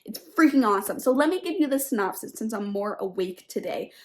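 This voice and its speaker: A woman's voice: on the high side, animated, fast. Gushing young woman book vlogger. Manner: gushing, filler-heavy, lots of "like"; drops into a whisper late at night. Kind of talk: casual reading vlog.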